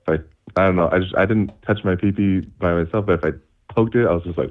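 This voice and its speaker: A man's voice: low voice, quick pace. A young man calling in on a phone line, chatting casually in a rambling way, laughing often and saying "like" and "dude" a lot. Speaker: caller.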